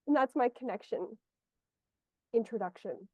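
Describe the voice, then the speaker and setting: A woman with a fairly high, mellow voice guides a client as an energy healer. She meanders as she explains, searching for words aloud. The sound is dry and slightly muffled, like a video call. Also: a little slow, no echo. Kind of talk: one-on-one guidance session. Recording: muffled lo-fi audio.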